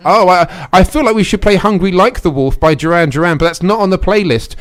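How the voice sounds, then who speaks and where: A man's voice: sits high, brisk. A man in his thirties with an English accent, hosting a local radio show in rambling, self-mocking studio chat.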